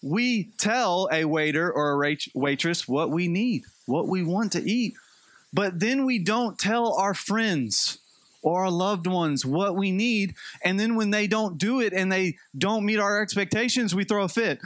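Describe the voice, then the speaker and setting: Brief: a high-pitched male preacher, chatty and humorous, dry recording. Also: unhurried, no room sound. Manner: conversational, animated storytelling with light humor. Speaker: pastor. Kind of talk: sermon.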